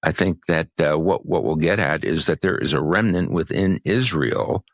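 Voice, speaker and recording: A man co-hosting a podcast, talking in a measured, halting way with many restarts, and losing his voice. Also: rumbling low, lively intonation, creaky, dry recording. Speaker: podcast co-host. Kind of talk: podcast conversation.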